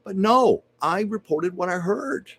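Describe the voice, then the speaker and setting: A man's voice: high-pitched, lively intonation, measured pace, fairly bright tone, husky. A man hosting a casual livestream at home, chatting and reading viewer comments aloud as a psychic medium.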